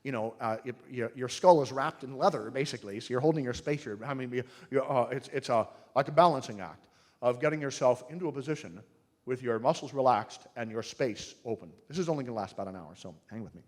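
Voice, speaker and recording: A man teaching singing to a live audience in a humorous, animated way, demonstrating sounds with his own voice. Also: mid-range voice, quick pace. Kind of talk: live workshop talk.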